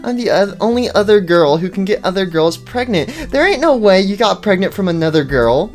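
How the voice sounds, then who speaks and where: A woman voicing a giddy, clingy female Puppet animatronic in a machinima, bubbly and excitable. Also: mid-range voice, a little fast, faint music behind, lightly acted. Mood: smug. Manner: bubbly, excitable, shrieks and laughs often. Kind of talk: machinima voice acting.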